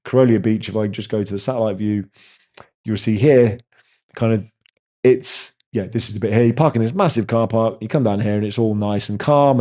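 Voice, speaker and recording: A man's voice: lowish voice, mellow. A man, hosting a casual live chat with viewers and telling rambling stories. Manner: rambling, chatty storyteller. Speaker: host answering viewer chat.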